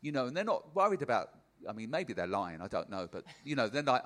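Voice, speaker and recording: A man's voice: mid-range voice, animated, fairly quick, hardly any pauses, fairly bright tone. A man hosting a podcast, playfully asking guests questions in casual chat. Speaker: podcast host.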